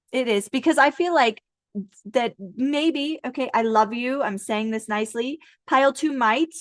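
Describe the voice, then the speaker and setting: A chatty tarot card reader laughs her way through a casual pick-a-card reading for viewers, playful and often joking and swearing. Her voice is a little high, in a dry recording.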